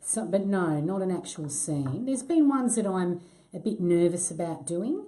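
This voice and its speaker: A middle-aged actress in a casual interview, self-deprecating, laughing easily and swearing when she gets excited. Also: fairly low pitch, normal speed. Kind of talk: casual chat.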